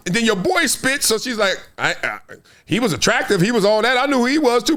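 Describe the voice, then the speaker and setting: A man's voice: high-pitched, brisk. A man in his fifties hosting his own show, telling loose, slang-heavy stories and acting out the people in them. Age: 50s. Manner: animated, street slang, acts out quoted voices. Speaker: show host. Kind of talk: casual storytelling to camera.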